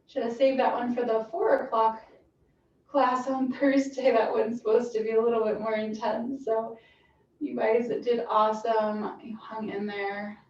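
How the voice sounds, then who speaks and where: A woman fitness instructor calmly cueing a stretching class with encouraging guidance. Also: fairly high pitch, a little slow. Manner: calm, encouraging cueing with soft breathy asides. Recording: roomy, distant, dull sound with faint hiss.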